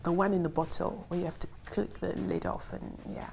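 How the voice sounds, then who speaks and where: A middle-aged woman with a somewhat low voice answers rapid-fire questions about herself. She reads each question aloud, then rambles happily through her answer. Her talk is filled with ums and easy laughter. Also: fairly even intonation, vocal fry, a little mellow, slight background noise. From Ghana. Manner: chatty and rambling, many ums, laughs easily. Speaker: film writer and director answering questions. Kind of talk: casual interview answers, reading questions aloud.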